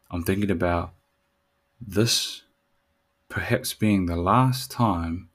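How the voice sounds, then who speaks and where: Deep, slow-talking New man. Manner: laid-back slangy banter with a reflective streak. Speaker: podcast host. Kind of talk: casual solo podcast chat.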